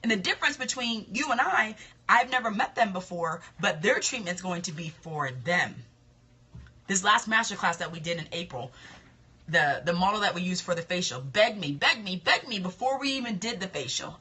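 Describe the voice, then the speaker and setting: A woman's voice: on the low side, lively intonation, normal speed, sharp tone, husky. A woman, coaching other estheticians in casual live-stream talk, confident and emphatic, often repeating her points.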